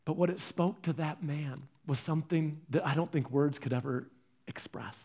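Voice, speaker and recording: A man's voice: fairly high pitch, moderate pace, dull audio. Earnest man preaching a sermon. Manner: earnest storytelling, swinging from loud stresses to soft, hushed lines. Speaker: pastor.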